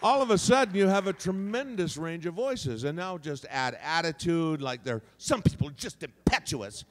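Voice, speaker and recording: A man's voice: on the high side, expressive, moderate pace, few pauses. A man on a convention panel teaching voice acting, demonstrative and shifting his voice around as he explains. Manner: demonstrative, shifts voice placement freely. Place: convention hall. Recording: long hall reverb.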